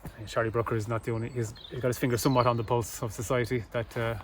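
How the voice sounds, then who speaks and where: An Irish man co-hosting a casual chat, halting and repeating words with dry humor. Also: medium pitch, level tone. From Ireland. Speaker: podcast co-host. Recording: distant mic with faint noise.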